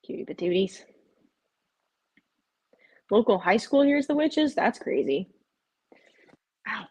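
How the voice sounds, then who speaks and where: A woman with a slightly husky, mid-pitched voice hosting a casual live stream. She chats loosely and rambles. Now and then she cuts in to coo at her pets. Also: lively intonation, slow, darkish tone. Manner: chatty, rambling, often breaks off to coax her cats in a high cooing voice.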